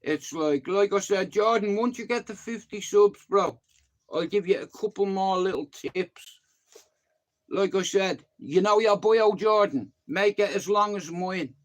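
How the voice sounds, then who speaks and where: He's an Irish YouTube livestreamer in his fifties with a high-pitched voice and a slightly slow pace. His chat rambles, doubles back on itself, and is peppered with casual swearing.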